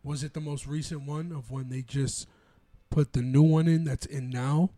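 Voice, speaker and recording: Young New podcast co-host, warm dark tone, dry close sound, easygoing and profane. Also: male voice, on the high side, steady tone, moderate pace, no echo. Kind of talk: casual podcast chat.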